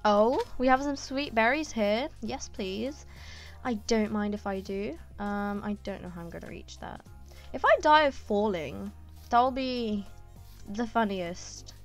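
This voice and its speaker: A woman giving casual gameplay commentary, chatty and excitable, with lots of ums and quick exclamations. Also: mid-range voice, soft background music. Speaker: gaming YouTuber.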